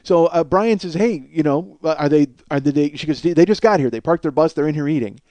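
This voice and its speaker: A man's voice: on the high side, a little fast, dark tone, dry recording. A man hosting a podcast, telling a long story in a rambling, profane, casual way. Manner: rambling and profane, with lots of filler. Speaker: podcast host. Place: home studio at night.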